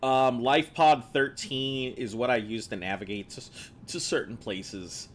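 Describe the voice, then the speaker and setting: A man's voice: medium pitch, fairly even intonation, unhurried. An American man giving casual, rambling commentary while playing a video game, chatting with viewers and laughing at his own jokes. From United States. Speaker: streamer.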